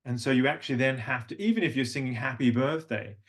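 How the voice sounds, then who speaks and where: A man's voice: medium pitch, fast. A middle-aged man with a slight Australian accent, teaching a voice workshop as a coach and breaking into sung and spoken demonstrations. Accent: neutral, slight Australian. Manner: demonstrative, warm teacher who sings examples. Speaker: voice and language coach.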